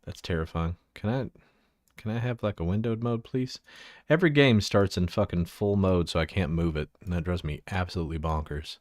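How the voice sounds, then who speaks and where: A man from Central Texas speaks fairly quickly in a low, slightly mellow voice while showing his avatar on a livestream. Loose and foul-mouthed, he laughs often and fiddles with settings as he talks. It's studio-quality sound with no echo.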